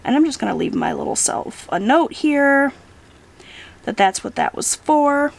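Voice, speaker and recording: A woman in her thirties chatting casually and thinking out loud, with frequent hesitations, as she logs her weekly expenses. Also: high voice, very animated, a little slow, vocal fry. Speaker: budgeting vlogger. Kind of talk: casual talk while logging expenses.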